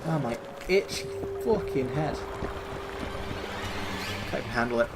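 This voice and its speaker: A man's voice: medium pitch, lively intonation, unhurried, heavy background noise. A man streaming a video game, giving sarcastic, rambling, sweary commentary. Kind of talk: let's-play commentary.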